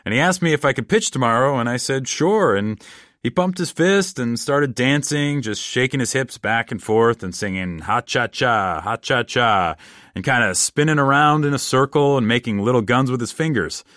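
A man telling a comic first-person story in a deadpan, rambling, casual way. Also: medium pitch, fairly quick, no room sound, clean studio sound.

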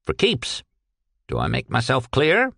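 A man's voice: mid-range voice, wildly swooping pitch, measured pace, creaky, sharp tone, slightly rough, dry recording, clean studio sound, voice pushed up, full character voice. A man reading aloud and voicing a shrewd, genial retired old businessman who talks in a purring, folksy way. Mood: stern.

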